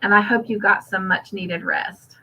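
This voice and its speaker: A woman's voice: medium pitch, steady tone, moderate pace, husky. A woman hosting a casual livestream, reading out viewer comments and chatting back with frequent laughs. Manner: chatty, warm toward viewers, laughs often. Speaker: host. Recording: slightly dull lo-fi audio.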